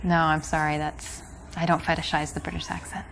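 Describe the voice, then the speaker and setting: A dry, low-voiced American woman. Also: flat delivery, brisk, creaky, a bit bright, slight background noise. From United States. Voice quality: dry, polite refusals. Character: unimpressed young American woman. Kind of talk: game dialogue.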